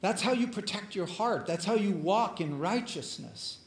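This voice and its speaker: A man preaching a sermon as pastor, earnest, moving between emphatic lines and hushed ones. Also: high voice, animated, normal speed, echoey room.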